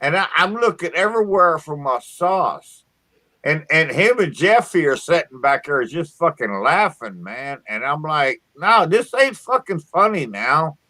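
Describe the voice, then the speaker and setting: A man's voice: fairly high pitch, lively intonation, a little slow, pushed and bright, dry recording. A man from southern Indiana hosting a casual chat, swearing freely and stumbling over restarts. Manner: profane, stammering restarts. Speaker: podcast host.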